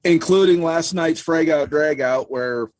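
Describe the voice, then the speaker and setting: A man with a slightly high voice casually recounts his day as a guest on a talk show. The sound is dry and close. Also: unhurried, darkish tone, no room sound. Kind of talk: casual chat.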